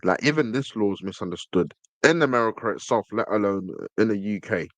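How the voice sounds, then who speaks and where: A man's voice: on the low side, animated, a little fast, dry recording. A man hosting a podcast in casual commentary, reading text from a screen and stressing his points with repeated words. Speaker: podcast host.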